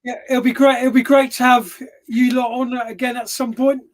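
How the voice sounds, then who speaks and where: A man hosts a casual live podcast, trading cheeky jokes with his guests. His voice sits unusually high for a man. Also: little pitch movement, normal speed. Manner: cheeky, jokey banter. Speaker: podcast host.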